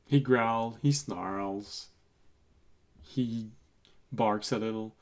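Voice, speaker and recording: A man acting as game master, narrating and speaking for characters, hesitant and full of pauses. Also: fairly low pitch. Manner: hesitant, full of ums and restarts.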